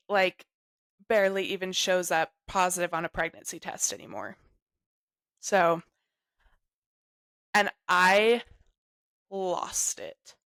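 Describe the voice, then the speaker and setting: A young adult woman telling a personal story in an interview, halting and emotional, full of "like". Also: medium pitch, fairly bright tone, no echo. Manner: halting, emotional, heavy use of "like". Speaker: guest sharing her story.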